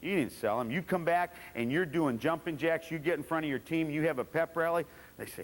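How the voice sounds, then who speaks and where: A man's voice: on the high side, expressive, normal speed. A man lecturing as a football coach at a clinic, blunt and profane, acting out his players' voices. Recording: long reverb of a lecture hall.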